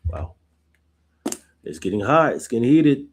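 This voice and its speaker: A man's voice: mid-range voice, big pitch swings, a little slow, slight background noise. A man hosting a Bible study who reads verses aloud and then explains them informally, often asking "right?". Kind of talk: reading scripture aloud with casual commentary.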